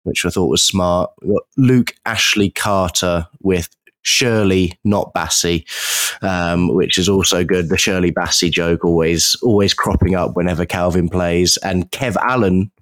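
A man on a podcast panel, chatting in a relaxed, easygoing way. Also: sits low, unhurried, no echo. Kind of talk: casual podcast chat.

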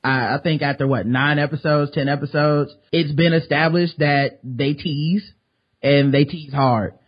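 Male co-host, husky voice, muffled lo-fi mic, joking, full of fillers. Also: on the high side, fairly even intonation, unhurried. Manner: loose, joking, hesitant with many fillers. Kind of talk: casual chat about a TV show. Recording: dull lo-fi mic.

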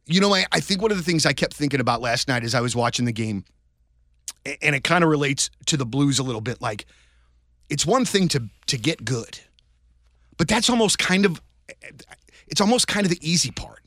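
A man co-hosting a sports podcast, telling stories in a rambling, animated way with many restarts. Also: mid-range voice, a little fast, no echo, clean studio sound. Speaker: podcast co-host. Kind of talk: casual sports chat.

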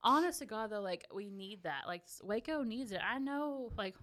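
A woman's voice: mid-range voice, lively intonation, moderate pace, a bit bright. A woman chatting casually as a podcast guest, laughing along. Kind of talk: casual chat.

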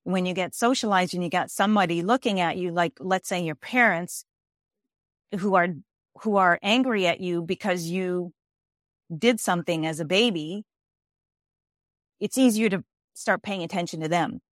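A woman's voice: fairly low pitch, moderate pace, long pauses, no echo, studio quality. A woman who is a life coach and author, speaking as an interview guest with emphatic repeated phrases and frequent restarts. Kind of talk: interview guest explaining ideas.

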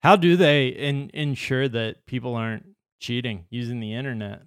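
A man's voice: medium pitch, normal speed, smooth, no echo, studio quality. A man co-hosting a podcast, chatting casually and joking with his co-host. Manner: jokey, playful banter.

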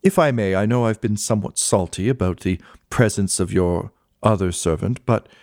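A man's voice: fairly low pitch, moderate pace, darkish tone, no room sound, clean studio sound, lightly acted. A game master voicing a fussy, stammering male clerk who serves a lord, deferential to his master and pompous about those beneath him. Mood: grateful. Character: fussy, snobbish male clerk servant, adult. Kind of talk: tabletop role-play.

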